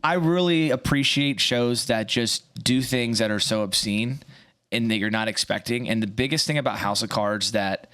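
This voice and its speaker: A man's voice: mid-range voice, moderate pace, fairly bright tone, smooth. A man talking as a guest on a casual podcast, laid-back and rambling. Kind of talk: casual chat.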